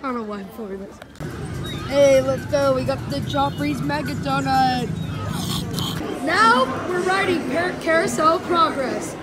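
A woman vlogging casually from a theme park and hotel, excitable and quick to shriek and laugh, filming on a handheld camera. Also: high voice. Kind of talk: casual travel vlog. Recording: theme park crowd and music behind.

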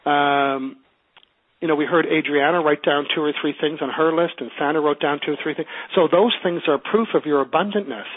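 A man's voice: a little high, husky. A man with a Canadian accent teaching a class by phone, upbeat and coaching, asking the class questions. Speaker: teleclass teacher. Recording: tinny phone line.

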